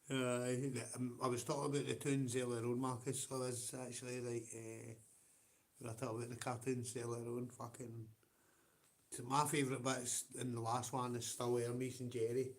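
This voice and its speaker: A man's voice: mid-range voice, flat delivery, measured pace, long pauses. A man with a Scottish accent hosting a livestream and chatting casually with viewers. He swears constantly, rambles and often breaks into laughter. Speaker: livestream host.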